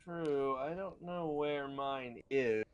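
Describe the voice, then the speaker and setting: A man's voice: medium pitch, slow, lo-fi sound. A man co-hosting a podcast, casually recapping a cartoon episode in a rambling, explaining way. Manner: rambling, restarts, detailed explainer. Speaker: podcast co-host.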